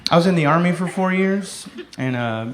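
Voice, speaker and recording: A man in his thirties doing stand-up, telling stories in a laid-back way, swearing often and shouting the lines of other people. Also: a little high, lively intonation, moderate pace, very noisy. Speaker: stand-up comedian. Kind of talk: stand-up comedy set. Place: comedy club stage. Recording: echoey comedy club with loud laughter.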